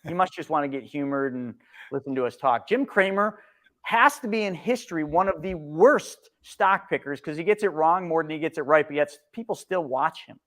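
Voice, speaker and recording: A middle-aged man with a slightly high voice, co-hosting a live market stream. He talks bluntly and sarcastically, pushing hard on his points and mocking the news. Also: lively intonation, fairly quick, fairly bright tone. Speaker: co-host.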